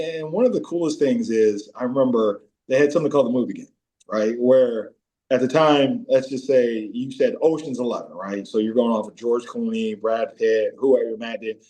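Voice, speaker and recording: Man telling locker-room stories. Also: normal speed. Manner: animated anecdotes, jumps into high-pitched impressions of teammates. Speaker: podcast guest, former pro football player. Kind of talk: casual storytelling interview.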